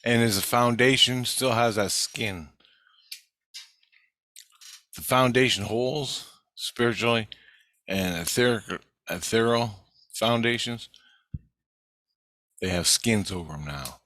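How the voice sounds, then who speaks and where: A man's voice: fairly low pitch, measured pace, long pauses, pushed and bright, no echo. A man giving a rambling, profane spiritual video update in an agitated way. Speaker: vlogger.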